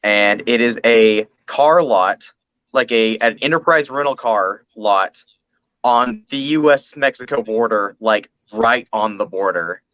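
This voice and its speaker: A man, a podcast guest, telling an anecdote in a relaxed casual way. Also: on the low side, measured pace, dry recording, lo-fi sound. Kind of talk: casual chat, storytelling.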